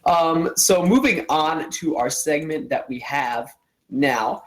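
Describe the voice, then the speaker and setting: A man's voice: on the high side, takes it slowly, poor audio. Upbeat man hosting a live stream show. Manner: upbeat, eager to hype matchups. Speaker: show host.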